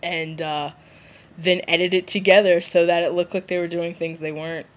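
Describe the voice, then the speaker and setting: A woman vlogging casually, rambling and giggly, with sudden high jumps when she mimics others. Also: flat delivery, moderate pace. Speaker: vlogger answering a viewer challenge. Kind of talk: casual rambling vlog chat.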